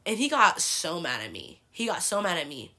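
A woman in her twenties hosting a podcast, telling a personal story in a casual, animated way, swearing freely and leaning on "like" a lot. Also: moderate pace. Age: 20s. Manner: acts out quoted people with big pitch jumps. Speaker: podcast host.

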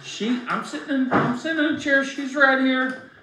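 A man telling a story as a guest in casual talk, emphatic and animated, swearing freely. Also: very high-pitched, moderate pace. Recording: roomy, distant mic.

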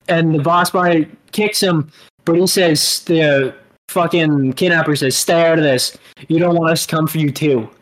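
A man co-hosting a casual podcast, telling a long story in a halting, rambling way and laughing as he goes. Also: sits high, low-quality recording. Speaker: podcast co-host. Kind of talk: casual chat.

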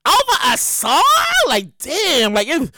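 A woman with a New York accent hosting a casual commentary show, animated and emphatic, slangy, repeating her points. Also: high-pitched, slow, no echo. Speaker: show host.

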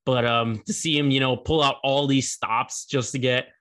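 Young guy riffing on college football news, casual and rambly, bright tense tone. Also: mid-range voice, steady tone, moderate pace. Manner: chatty, rambling, laughs at the story. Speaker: sports show host. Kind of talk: casual sports commentary.

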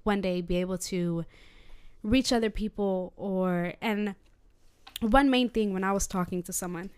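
Earnest woman with a clear voice. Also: medium pitch, measured pace, a little mellow. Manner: earnest and personal, with nervous laughs. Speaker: co-host of a Christian podcast. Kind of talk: casual faith discussion.

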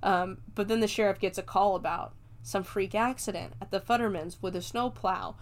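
A woman's voice: medium pitch, fairly even intonation, normal speed. Casual, profane woman recapping a movie. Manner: loose and profane, laughs often, jokes along. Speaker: movie reviewer.

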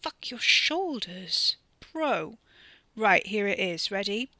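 A man's voice: high voice, very animated, takes it slowly, sharp tone, dry recording, exaggerated voice. A woman voicing a young man who is brash, jokey and swears freely. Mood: giddy.

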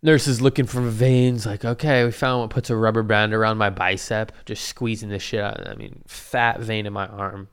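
A man's voice: fairly low pitch, fairly even intonation, normal speed, hardly any pauses, clear, resonant tone. A young man telling a story in a rambling, profane and slangy way. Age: young adult. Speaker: vlogger. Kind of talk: casual storytelling.

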